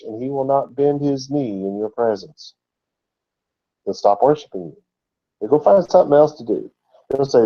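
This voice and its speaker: A man teaches scripture in a conversational sermon style, often pausing for rhetorical questions. His voice sits at a middle pitch. The recording sounds dull and lo-fi. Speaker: Bible teacher.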